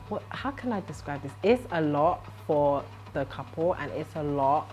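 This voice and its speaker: A young woman from Britain, a TV host, telling her story to camera in a lively, chatty way with lots of laughs. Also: low-pitched, unhurried. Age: young adult. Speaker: vlogger and TV host.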